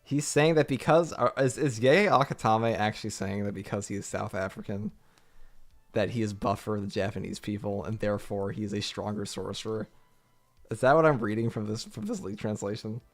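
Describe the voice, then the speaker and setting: Gravelly young man, swearing in disbelief. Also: fairly low pitch, faint music behind. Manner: incredulous, laughs often, swears a lot; slangy, halting restarts. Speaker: streamer. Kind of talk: casual reaction stream.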